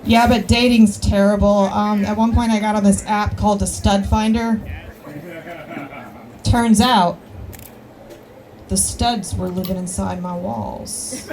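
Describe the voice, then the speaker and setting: A woman's voice: medium pitch, steady tone, slow, long pauses, darkish tone, low-quality recording. A woman from Alabama, performing a crude stand-up comedy set with rambling asides. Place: live outdoor show with audience.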